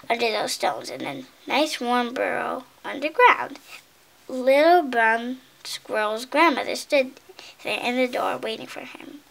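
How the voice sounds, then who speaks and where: A woman reading a picture book aloud in an expressive way, correcting her slips and adding asides about the pictures. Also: high-pitched, creaky. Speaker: storybook reader.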